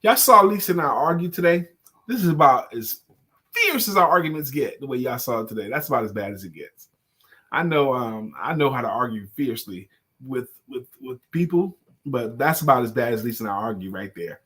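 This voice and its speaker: Husky guy co-hosting, casual and jokey, lots of swing in the voice. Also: mid-range voice, a little fast. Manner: lively, animated, colloquial, joking. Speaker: co-host and sales coach. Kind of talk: casual live talk show chat.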